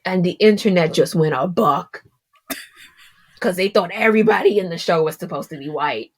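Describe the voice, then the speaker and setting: A woman co-hosting a podcast in casual chat, animated and full of "like" fillers. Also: on the low side, normal speed, slightly rough. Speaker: podcast co-host.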